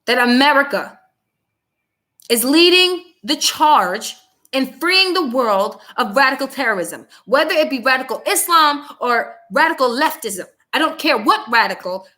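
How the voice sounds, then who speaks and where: A woman's voice: high voice, lively intonation, unhurried, sharp tone. A young woman hosting her own commentary show, delivering a heated, blunt monologue and repeating herself for emphasis. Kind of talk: angry political commentary monologue.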